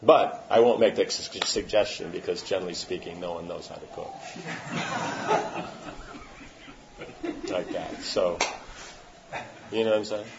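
Through a muffled lo-fi recording with a noisy background, a spiritual teacher gives an informal religious talk in a low, creaky voice at a measured pace, pausing often. He answers questions emphatically and keeps asking "you know what I'm saying?"

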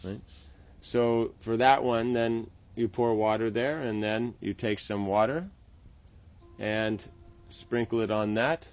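A religious teacher patiently walks through the steps of a temple worship ritual, frequently checking in with "right?". His voice is medium-pitched with fairly even intonation and a slow pace, and the audio's highs are cut off.

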